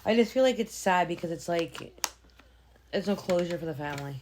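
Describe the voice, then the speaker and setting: A woman's voice: on the low side, a little fast, a little hiss or hum. A woman in her thirties co-hosting a podcast, chatting casually and acting out the people in her stories. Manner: animated storyteller who acts out quoted voices. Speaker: podcast co-host. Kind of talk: casual chat.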